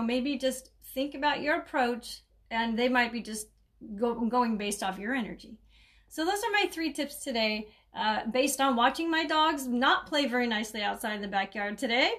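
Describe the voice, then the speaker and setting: A chatty middle-aged woman hosts her own caregiving podcast. She rambles warmly in a relaxed, unscripted way, laughing often and restarting her sentences. Her voice sits a little higher than most women's. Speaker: caregiving coach and podcast host. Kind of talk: casual solo podcast talk.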